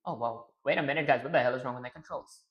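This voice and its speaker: Streamer guy, thinks out loud, casual chat, mid-pitched voice. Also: very fast, lo-fi sound. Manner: rambling, talks to himself while working. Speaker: streamer and game developer.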